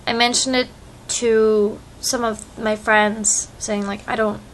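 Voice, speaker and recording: Slow-talking chatty young woman vlogging. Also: a little high, level tone, slight background noise, low-quality recording. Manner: chatty, rambling, easygoing. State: allergies, itchy eyes. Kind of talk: casual chat. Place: home with a cat. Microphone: phone camera.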